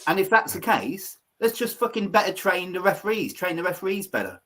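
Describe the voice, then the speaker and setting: Ranting man, slightly high voice. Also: sing-song, fairly quick, pushed and bright. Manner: ranting, sweary, emphatic. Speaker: podcast co-host. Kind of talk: heated casual football chat.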